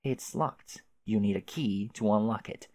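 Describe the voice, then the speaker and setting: A man voicing a smug, condescending male narrator who mocks his listener calmly and sarcastically. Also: fairly low pitch, a little slow, no room sound, studio quality, natural voice. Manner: sarcastic, mocking, calm.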